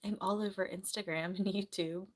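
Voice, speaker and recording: A woman on a casual live stream, chatting and rambling in a soft voice. She has a sore throat and keeps clearing it. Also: medium pitch, fairly even intonation, moderate pace. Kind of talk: casual live-stream chat reading comments.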